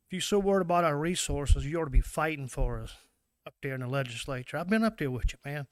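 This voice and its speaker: A man's voice: on the high side, fast, smooth, no room sound. A man from Mississippi with a Southern US accent, an oyster fisherman giving an angry, emotional public comment at a meeting.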